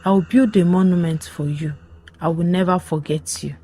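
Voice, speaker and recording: A woman's voice: on the low side, steady tone, moderate pace, dark tone, lightly acted, low-quality recording. A woman voicing a sobbing, desperate young man. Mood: pleading. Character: terrified pleading young man, wealthy and weak.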